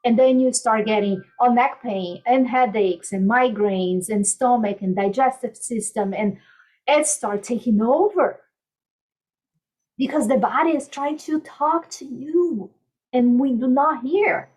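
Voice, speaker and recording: A woman life coach speaking gently and soothingly in a podcast interview, softly repeating calming mantras. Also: fairly high pitch, a little slow, poor audio.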